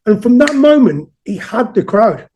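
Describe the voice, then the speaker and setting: A man's voice: sits high, very animated, moderate pace, mellow, slightly rough. A man in his fifties, a musician being interviewed, talking earnestly and reflectively and often repeating words as he starts a sentence. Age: 50s. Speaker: guest musician. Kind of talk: casual conversational interview.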